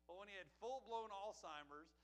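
A man's voice: sits high, moderate pace, poor audio. A male pastor, preaching a sermon and telling folksy, heartfelt family stories. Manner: folksy storytelling, emotional about family.

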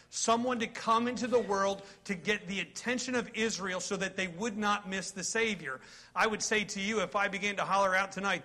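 A man in his forties preaching a sermon, reading scripture aloud and joking in a folksy, animated way with his congregation. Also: sits high. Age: 40s. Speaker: pastor.

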